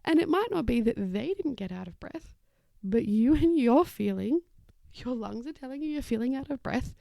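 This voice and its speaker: Dark-toned woman with a gravelly edge. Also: a little high, lively intonation, normal speed, no echo. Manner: warm explanatory, acts out little quoted voices. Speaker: occupational therapist podcast host. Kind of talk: casual educational talk.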